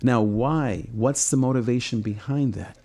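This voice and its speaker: A middle-aged pastor from Southern California speaks earnestly about his drive in a personal reflection, his voice medium-pitched and mellow at a measured pace. He repeats words as his intensity builds.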